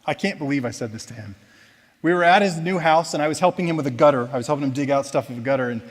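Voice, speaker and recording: A man with a somewhat high voice tells his personal testimony in a church, in a casual, self-deprecating way. He moves between lively storytelling and quiet, reflective moments. A long reverb from a large church hall trails behind each phrase. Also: very fast. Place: church auditorium.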